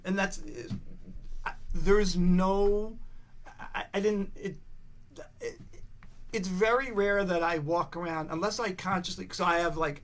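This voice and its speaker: A man's voice: high-pitched, fairly bright tone. An older man, a podcast guest, telling rambling stories in casual chat, restarting sentences, swearing and acting out the voices of the people he quotes.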